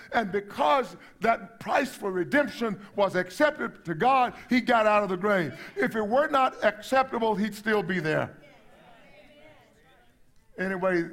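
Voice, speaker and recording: Male pastor, high voice, emphatic sermon delivery with repeated words. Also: a bit bright. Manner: emphatic preaching, rising to exclamations, repeats words.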